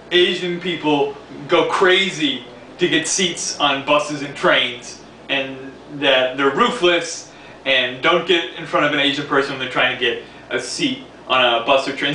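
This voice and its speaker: Bright-voiced man telling a rambling story. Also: on the high side. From New York City area. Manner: rambling, repeats words, laughs while telling. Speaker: vlogger. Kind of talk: casual storytelling monologue. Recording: echoey room, distant from mic, faint hiss.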